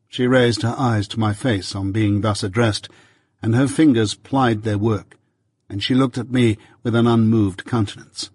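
Husky man narrating a novel. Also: on the low side, fairly even intonation, a little mellow, no room sound, clean studio sound. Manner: earnest, measured storytelling. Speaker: audiobook narrator. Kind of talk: first-person novel narration.

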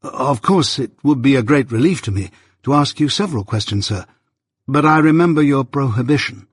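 A man with a husky voice voicing a polite, nervous young man who answers deferentially, in a storybook reading. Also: mid-range voice, animated, normal speed, no echo, clean studio sound.

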